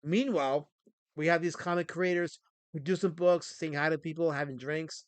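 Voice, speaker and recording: A man's voice: on the high side, moderate pace, clean tone, no room sound. A man hosting a livestream, chatting casually and ranting with frequent restarts. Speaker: stream host.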